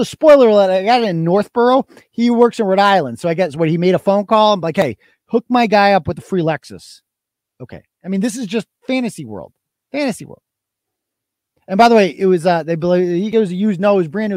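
A man's voice: sits high, darkish tone, no room sound, studio quality. A man hosting a live stream, talking in a casual, profane, mocking and rambling way. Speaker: host.

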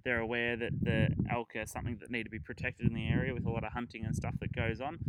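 A man's voice: mid-range voice, monotone, fast, very noisy. A man hosting a travel podcast, chatting casually and rambling through his trip stories with fillers and chuckles.

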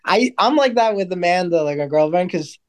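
A man co-hosting a podcast in casual chat, talking in a relaxed, rambling way with lots of "like". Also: high voice, fairly quick, clear, resonant tone. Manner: relaxed, rambling with many "like" fillers. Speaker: podcast co-host.

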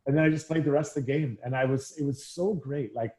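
Here the same kind of casual storytelling comes fast: a middle-aged man who once played hockey shares animated interview anecdotes in a mid-range voice, voicing the quotes himself.

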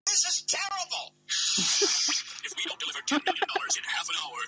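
Nasal goofy cartoon detective. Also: male voice, very high voice, wildly swooping pitch, normal speed, exaggerated voice, rough recording. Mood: alarmed. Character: bumbling male cartoon detective, cheerful and clueless. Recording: cartoon clip with loud music.

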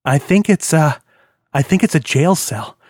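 A man's voice: fairly high pitch, animated, measured pace, darkish tone, no room sound, studio quality. A man voicing a worried male clone who speaks hesitantly.

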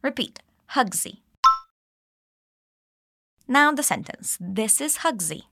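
A woman teaching English, explaining dialogue lines and modeling them slowly for learners to repeat. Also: medium pitch, very animated, fairly bright tone, dry recording, clean studio sound. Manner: clear, slow modeling of phrases with exaggerated intonation. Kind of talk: English lesson with repeat-after-me drills.

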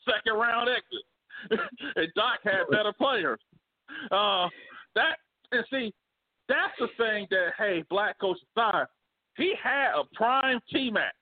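A man co-hosting a casual sports debate, animated and slangy, laughing often. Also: high voice. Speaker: podcast co-host. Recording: phone-like remote call audio.

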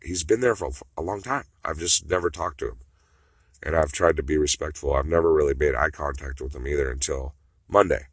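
Rambling profane monologue, man with a low husky voice, muttering then flaring up. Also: brisk, dry recording. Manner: rambling, profane, swings between mutters and outbursts.

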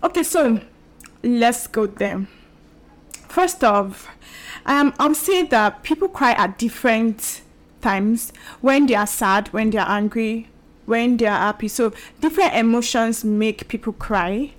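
A young woman with a slightly high voice chats casually with her audience as the host of her own show. She repeats herself, drops in fillers and now and then laughs as she talks. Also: unhurried. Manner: chatty, repetitive, with laughs and fillers. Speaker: podcast and video host. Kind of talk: casual solo talk to camera.

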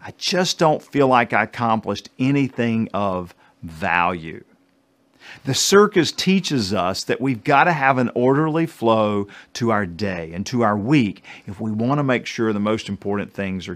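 Animated North Carolina man giving a keynote. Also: mid-range voice. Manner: animated, jokey, addresses listeners directly. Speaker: keynote speaker. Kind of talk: motivational presentation.

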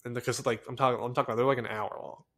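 Young American man, solo podcast host; excitable, rambling casual delivery full of fillers. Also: medium pitch, racing.

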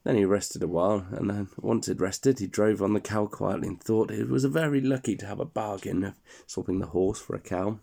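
A man reading a fairy tale aloud to a child in a relaxed, chatty way, stopping to explain and laugh. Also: fairly low pitch, fairly quick, vocal fry, hardly any pauses.

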